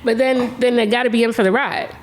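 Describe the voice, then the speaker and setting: A woman's voice: a little high, steady tone, fairly quick. A woman hosting a casual chat show, encouraging her guest and affirming him often. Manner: encouraging, lots of affirming mm-hmms. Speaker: podcast host.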